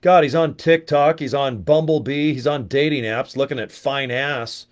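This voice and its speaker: A middle-aged man chatting casually to camera as a network marketing vlogger, rambling, swearing freely and jumping into animated stories. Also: mid-range voice, normal speed. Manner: profane, rambling, animated storytelling. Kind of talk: casual talking-head chat.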